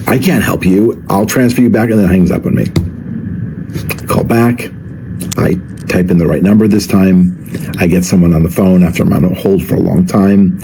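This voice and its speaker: A man's voice: sits low, dark tone, slight background noise, rough recording. A man vlogger telling a story in a casual, wry, chatty way.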